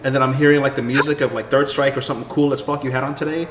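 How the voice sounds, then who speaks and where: A man from New York with a New York accent, talking loudly and swearing freely in casual chat. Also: mid-range voice, level tone. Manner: loud, fast, swears freely. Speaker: community member on stream talk. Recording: echoey room, clear background noise.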